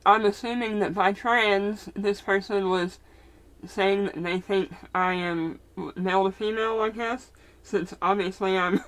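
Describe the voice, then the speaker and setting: A woman's voice: mid-range voice, fairly even intonation, unhurried, a bit bright. A woman vlogger at home, speaking candidly and rambling through a casual get-ready-with-me chat, her speech a little muffled. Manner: candid, rambling, self-correcting.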